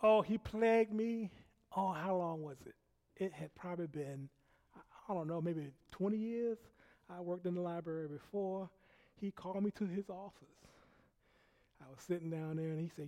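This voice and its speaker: A man preaching a sermon, telling a personal story in an animated way, laughing often and dropping from loud bursts to hushed quiet. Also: high voice, normal speed. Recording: long hall reverb.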